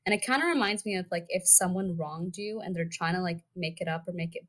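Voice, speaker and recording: A woman's voice: fairly low pitch, brisk, a bit bright. A woman co-hosting a casual book podcast who talks loosely, with lots of "like" in her sentences. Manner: chatty, says "like" a lot. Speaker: podcast co-host.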